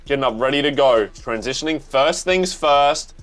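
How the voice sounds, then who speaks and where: A young Australian man hosting a manga reaction video, gushing and swearing with excitement as he reads panels aloud between his reactions. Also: mid-range voice, moderate pace. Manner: excitable, swears freely, gushes. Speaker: reaction channel host.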